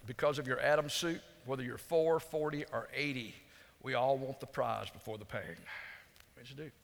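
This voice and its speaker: A man preaching a storytelling sermon in a folksy, conversational way, dropping to hushed tones for emphasis. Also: medium pitch, moderate pace, vocal fry. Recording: long hall reverb.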